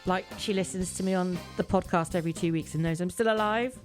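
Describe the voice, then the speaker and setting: A middle-aged British woman telling a story on a podcast with lively, animated delivery, acting out other people's voices. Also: lowish voice, quick pace, over music. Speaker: podcast host. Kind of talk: casual chat.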